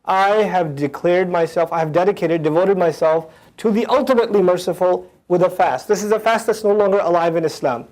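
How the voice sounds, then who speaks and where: High-voiced man explaining scripture. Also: darkish tone. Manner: recites Arabic verses quickly, then explains in casual English. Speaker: Quran teacher.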